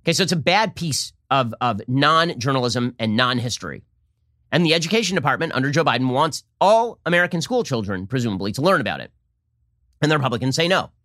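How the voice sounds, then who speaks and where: A man in his thirties hosts a political podcast in a rapid, sarcastic monologue. His voice sits a little high and swoops around with lively emphasis, and it is recorded dry and close with no room sound. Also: no echo. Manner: sarcastic, mocks opponents in put-on voices. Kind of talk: fast opinion monologue.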